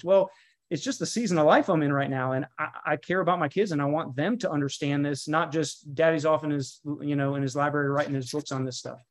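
A pastor in a podcast interview, speaking with a somewhat high voice for a man. He talks in an earnest, emphatic teaching tone. He stacks up repeated phrases the way a preacher does. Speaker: pastor and guest author.

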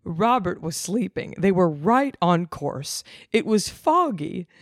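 A woman's voice: fairly low pitch, sing-song, takes it slowly, no echo, studio quality. A young woman reading a story aloud and breaking off for wry, sarcastic, teasing comments. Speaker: reader.

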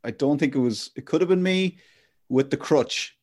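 A man's voice: on the high side, moderate pace, darkish tone. An Irish man in his forties hosting a podcast, talking earnestly and thinking aloud in casual chat. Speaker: podcast host.

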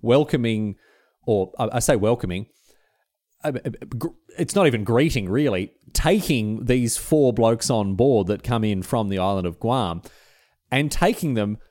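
A man's voice: mid-range voice, lively intonation, moderate pace, a little mellow. A man telling a history story in a chatty, slangy, comic way as a podcast host.

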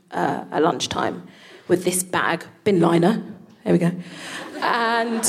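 A man's voice: high voice, gravelly. A woman voicing a stern, sarcastic male schoolteacher who talks in a cold, clipped, mock-polite way.

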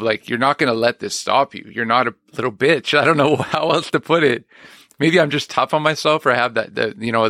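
A man's voice: mid-range voice, a bit bright, no echo, clean studio sound. A man, an actor and music teacher, talking candidly and rambling in a casual interview. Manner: candid, rambling, self-deprecating.

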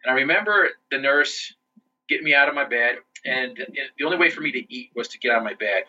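A man in his forties, a podcast guest, telling his personal story in an earnest, motivational way and slowing down for emphasis. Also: mid-range voice, lively intonation, pushed and bright. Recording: distant, dull lo-fi sound.

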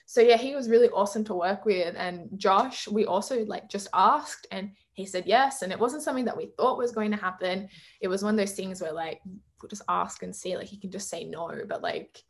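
A young woman who sings in a band, chatting casually in an interview and filling her talk with "like" and quick laughs. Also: mid-range voice. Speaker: singer in a band, interview guest.

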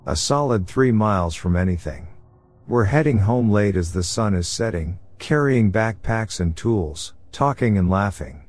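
A man narrating true scary stories sent in by listeners, in a steady, low-key storytelling manner. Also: measured pace. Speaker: podcast narrator. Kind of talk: reading listener horror stories.

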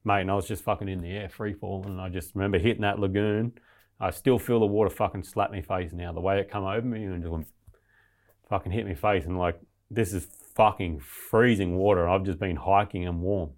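A man with a low, gravelly voice tells his story as an interview guest. He talks bluntly and rambles, swearing freely, with a rough fry under his words. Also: fairly even intonation, fairly quick, a little mellow.

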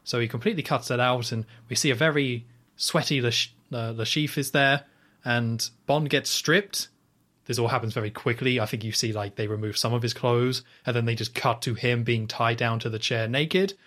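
A man's voice: medium pitch, normal speed, a bit bright. Chatty man recapping a film scene. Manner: chatty retelling with frequent fillers and quoted lines. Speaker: podcast host recapping a film. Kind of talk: casual chat.

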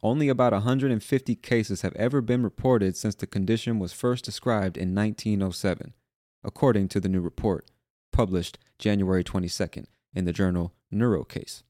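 An American man hosting an English-learning podcast, reading a news article aloud and patiently explaining vocabulary, often repeating an idea in several ways and slowing down to stress key words. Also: on the low side, fairly even intonation, warm tone, no room sound, studio quality. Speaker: English teacher podcast host.

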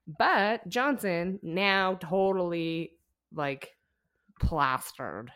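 A woman's voice: on the low side, lively intonation, very slow, fairly bright tone, clean tone. A woman hosting a podcast, telling a story in casual chat and laughing often. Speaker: podcast host.

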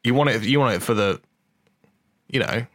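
A man's voice: medium pitch, normal speed, no room sound. Wry man with a dry, close sound. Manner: wry, swears freely, stumbles and rereads. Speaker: podcast host. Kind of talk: casual comic chat reading a news story aloud.

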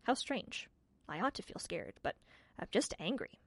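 A woman voicing a calm, stubborn young girl. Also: medium pitch, unhurried, no room sound. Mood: inward anger. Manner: thoughtful, matter-of-fact. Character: level-headed young girl, quietly angry.

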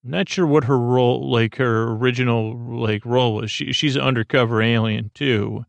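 A man hosting a podcast, recapping an episode in a halting, rambling way with many fillers and restarts. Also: mid-range voice, fairly even intonation, vocal fry, dry recording. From United States. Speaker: podcast host.

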